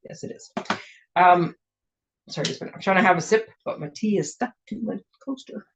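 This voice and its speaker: A woman's voice: fairly low pitch, fairly quick. A woman demonstrating papercraft products in a casual show-and-tell, chatty and gushing, with rambling asides. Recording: dull lo-fi recording.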